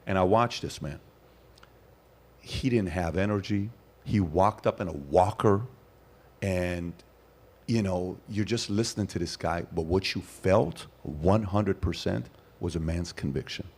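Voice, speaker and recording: A man's voice: deep voice, unhurried, breathy edge. A man hosting a podcast, talking emphatically and telling stories. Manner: emphatic, storytelling, animated asides. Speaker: host. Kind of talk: casual podcast chat.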